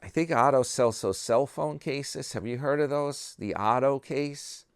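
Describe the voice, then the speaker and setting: Slow, smooth-voiced rambling vlogger man. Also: mid-range voice, no echo, clean studio sound. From New York. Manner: rambling, self-mocking, talking to subscribers. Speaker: vlogger host. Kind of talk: casual chat.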